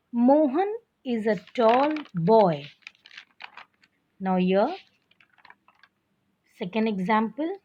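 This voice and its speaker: A woman teacher leads a grammar lesson for young pupils, and her voice is a little high and husky. She moves through each point slowly and patiently. The recording is dull and lo-fi. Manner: slow, patient, addresses children often.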